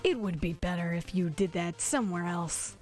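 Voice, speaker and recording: A woman voicing a smug, nerdy young male troll schemer with a condescending, dry drawl, pitched lower than her own voice. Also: normal speed, darkish tone, faint music behind, close to an everyday voice.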